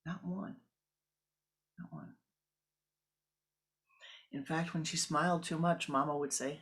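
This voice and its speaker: A woman spiritual teacher telling a story in a slow, deliberate sermon. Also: low voice, steady tone, fairly bright tone.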